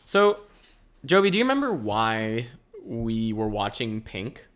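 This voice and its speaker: Young male podcast host, energetic and rambling, casual chat from home. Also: on the low side, a little slow, smooth. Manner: rambling and energetic, laughs often.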